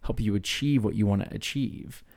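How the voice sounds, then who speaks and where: A man's voice: fairly low pitch, normal speed, creaky, a little mellow. A man co-hosting a faith podcast, chatting casually and rambling with many restarts and fillers. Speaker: podcast co-host.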